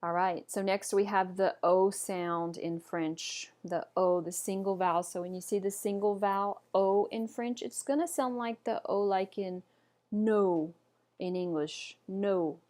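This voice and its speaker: A woman's voice: medium pitch, steady tone, a little slow, a little mellow. A woman teaching pronunciation in an online lesson, repeating each word carefully and encouraging the learner. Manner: models words repeatedly, encouraging. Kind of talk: slow, patient online lesson.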